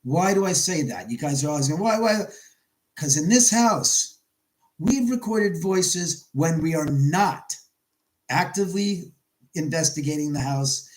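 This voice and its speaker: A man's voice: fairly high pitch, lively intonation, unhurried, low-quality recording. Rambling man hosting a home livestream. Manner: rambling storyteller, reads chat aloud. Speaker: livestream host. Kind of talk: casual livestream chat. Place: his house, indoors.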